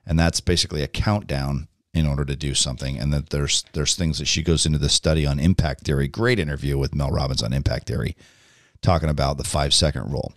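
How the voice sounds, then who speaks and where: A man's voice: very deep voice, fairly even intonation, quick pace, no room sound, studio quality. A middle-aged man hosting his own podcast, telling a long story in a casual, rambling way with many ums and restarts. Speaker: podcast host.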